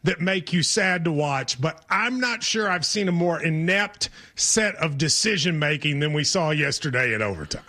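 Man, kentucky accent, high bright voice, husky edge, sports talk host, laughing banter. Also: lively intonation, moderate pace, few pauses.

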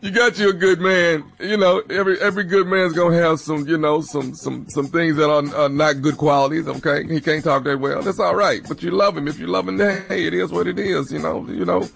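A man co-hosting, giving easygoing, drawn-out relationship advice with plenty of fillers. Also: a little high, fairly even intonation, vocal fry, a bit bright. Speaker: co-host. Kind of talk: casual advice chat.

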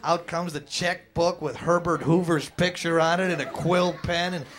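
Chatty stand-up comic working the crowd. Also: male voice, on the high side, fairly even intonation, normal speed, fairly bright tone. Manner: chatty, quizzes the audience, acts out voices. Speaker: stand-up comedian. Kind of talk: stand-up set.

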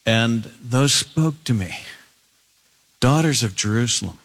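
A man preaching an expository sermon, climbing to emphatic high peaks and dropping low and quiet to read scripture. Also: lively intonation, takes it slowly, pauses often. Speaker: pastor.

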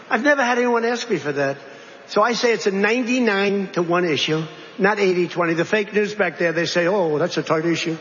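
A man's voice: high-pitched, a little fast, fairly bright tone, a little hiss or hum. A man giving a rambling political speech, full of repetitions and conversational asides. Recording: reverberant hall, dull lo-fi sound.

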